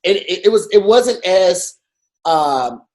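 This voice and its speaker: A man co-hosting a podcast in casual chat, emphatic and animated, with many restarts as he talks. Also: sits high, takes it slowly. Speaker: podcast co-host.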